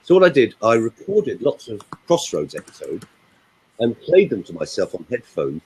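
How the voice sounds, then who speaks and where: An older man, a voice coach, chatting in a casual webinar and telling animated stories. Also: fairly low pitch, moderate pace, husky, rough recording.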